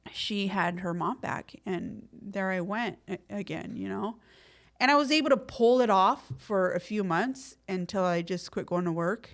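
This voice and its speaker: A middle-aged woman talks as a guest on a podcast. Her speech is relaxed and slangy, full of fillers and street expressions, and her pitch sits in the middle range. When she acts out what someone said, her voice turns lively. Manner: lively when acting out quotes. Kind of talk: casual storytelling interview.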